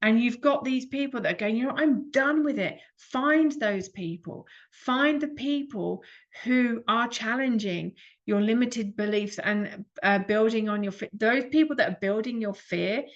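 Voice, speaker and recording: A woman's voice: fairly high pitch, unhurried. Earnest woman asking rhetorical questions. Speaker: speaker. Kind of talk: reflective talk to an audience. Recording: dull lo-fi recording.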